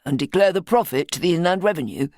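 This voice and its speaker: An eager young man who asks blunt, direct questions, read by a woman narrator. Low and close, with a dry studio sound. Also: animated, fast, a little mellow, dry recording, lightly acted. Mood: curious.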